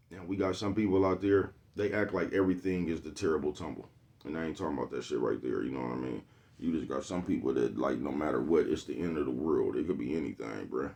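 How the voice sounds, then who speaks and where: A man's voice: very deep voice, a little mellow. A man giving a laid-back motivational vlog monologue, who keeps repeating "you know what I'm talking about.". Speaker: vlogger.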